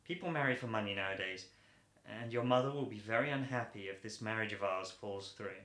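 A man's voice: on the low side, brisk, a bit bright, reverberant, natural voice. A man playing a dry, ironic millionaire suitor. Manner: dry, ironic, coolly matter-of-fact. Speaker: actor.

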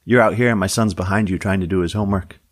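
A man voicing a bored middle-aged woman diner waitress who talks flatly and deadpan. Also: deep voice, fast talker. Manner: flat, deadpan.

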